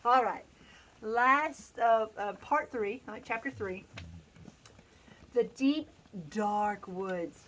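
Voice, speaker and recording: A woman's voice: a little high, extremely slow, long pauses, a bit bright, slight background noise, poor audio. Playful woman reading aloud on a farm. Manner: laughs often, playful asides to animals. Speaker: farm host reading a picture book aloud. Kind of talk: casual read-aloud with chatty asides. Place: outdoors on a farm.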